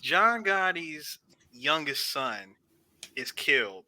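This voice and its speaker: A man co-hosting a casual movie review podcast, animated, acting out scenes and laughing often. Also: on the high side, slow pace, background noise. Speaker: podcast co-host.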